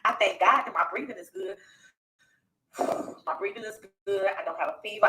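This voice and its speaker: A woman's voice: mid-range voice, normal speed, pushed and bright, reverberant, recorded from a distance, slight background noise, poor audio. A woman speaking on a live stream, earnest and pleading, repeating her warnings. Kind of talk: emotional live-stream address.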